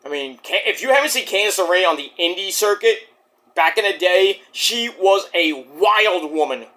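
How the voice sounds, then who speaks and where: A man reviewing a wrestling show in a casual vlog, excitable and profane, with sudden yelled exclamations. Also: high-pitched, normal speed.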